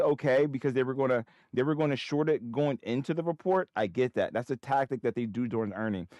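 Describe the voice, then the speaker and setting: A man streams his day trading live, cursing at himself, lecturing viewers and muttering between trades. His medium-pitched voice moves fast with few pauses and no room sound, swinging from excitable, self-critical outbursts to mumbled asides.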